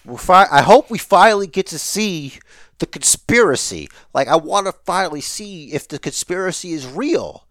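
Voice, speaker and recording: A man's voice: high-pitched, moderate pace, no room sound, studio quality. A man co-hosting a podcast, chatting casually and joking about wrestling. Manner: animated, joking, drops into mock voices. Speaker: podcast co-host.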